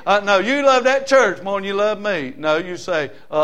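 A man's voice: high voice, normal speed, few pauses, fairly bright tone, clear, resonant tone. A male pastor, preaching a folksy, humorous, emphatic sermon to a congregation in church.

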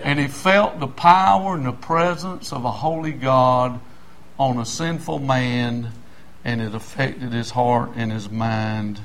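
An older man, a pastor preaching a sermon in a folksy way, with loud shouted passages and quiet asides. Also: mid-range voice, steady tone, slow pace, a little hiss or hum.

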